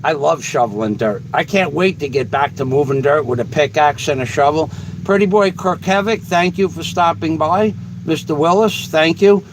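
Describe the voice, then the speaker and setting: A man's voice: on the high side, moderate pace, a little hiss or hum, poor audio. A man hosting a casual livestream, reading viewer comments in a blunt, profane, rambling way. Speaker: livestream host.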